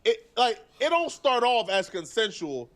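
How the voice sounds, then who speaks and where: A man's voice: very high voice, very animated, fairly bright tone. A man streaming live, talking through a news story earnestly and point by point. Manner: earnest, deliberate, argues point by point.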